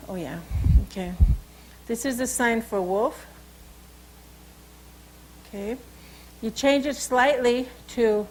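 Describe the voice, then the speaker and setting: A woman who is a tribal cultural educator, telling a traditional story and teaching words and signs in an unhurried, conversational way with frequent asides. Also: a little high, a little hiss or hum, rough recording. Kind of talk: oral storytelling and language lesson.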